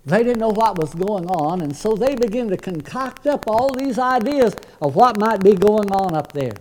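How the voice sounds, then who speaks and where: Earnest high-voiced male preacher. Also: expressive, normal speed, a little mellow, slight background noise, low-quality recording. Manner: earnest, conversational preaching with stammered restarts. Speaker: pastor. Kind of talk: sermon.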